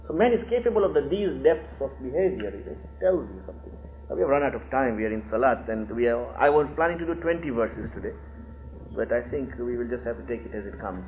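A man teaching a religious lesson on scripture, animated and acting out the quotes he explains. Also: medium pitch, quick pace, roomy sound, faint music behind. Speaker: teacher of Quran commentary. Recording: tinny phone-like line, faint hiss.

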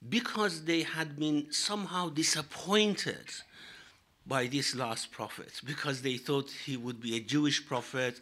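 A man explaining scripture in a lecture, measured and halting, with frequent fillers and pauses. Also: medium pitch, pushed and bright. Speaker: religious teacher.

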